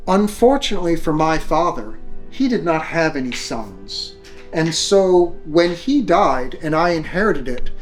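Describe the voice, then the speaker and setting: Tabletop role-play: a man doing a cold, condescending vampire lady of a castle, slow and deliberate, voiced a little lower than his own tenor, with faint music under it. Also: natural voice. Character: arrogant ancient vampire noblewoman ruling a castle.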